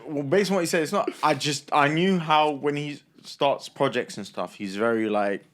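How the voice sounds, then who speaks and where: A man's voice: fairly high pitch, normal speed. Young male co-host, easygoing and plain-spoken. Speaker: podcast co-host. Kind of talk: casual chat.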